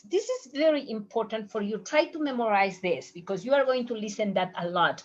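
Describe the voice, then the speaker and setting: A woman teaching a medical Spanish lesson from slides, going over each phrase slowly and saying it in both languages. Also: a little high, expressive. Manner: slow, explains and repeats phrases in both languages. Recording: muffled lo-fi recording.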